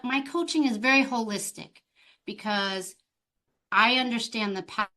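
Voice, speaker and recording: A woman's voice: mid-range voice, a bit bright. A middle-aged woman, a life coach, telling her story expressively in an interview. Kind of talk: conversational interview.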